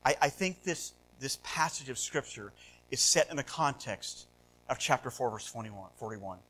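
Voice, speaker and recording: A male pastor preaching a sermon, asking rhetorical questions and swinging between loud, animated passages and hushed ones. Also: mid-range voice, moderate pace, poor audio. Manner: rhetorical questions, repeats words.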